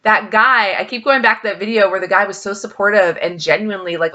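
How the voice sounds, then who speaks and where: Bright-voiced chatty woman vlogger. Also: mid-range voice, fast talker, lo-fi sound. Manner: chatty storytelling, many fillers; emphatic asides. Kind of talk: casual vlog chat.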